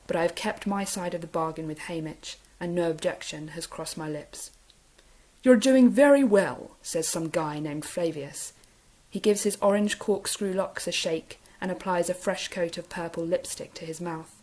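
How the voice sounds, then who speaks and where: A woman teacher reads a novel aloud in a steady, expressive way. Her voice sits a little low for a woman. She keeps an even storybook pace through the narration. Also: moderate pace, low-quality recording.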